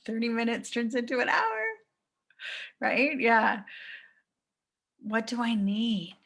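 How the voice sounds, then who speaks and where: A woman's voice: fairly high pitch, slow pace, creaky, pauses often, fairly bright tone. A woman in her thirties, a life coach giving a reflective live talk to viewers and asking many rhetorical questions.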